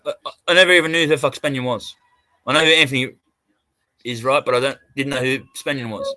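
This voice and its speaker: A man's voice: medium pitch, fairly quick, long pauses, pushed and bright, dry recording. An Australian man hosting a livestream, a sweary, rambling storyteller who restarts his sentences often. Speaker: livestream host. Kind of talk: casual livestream chat.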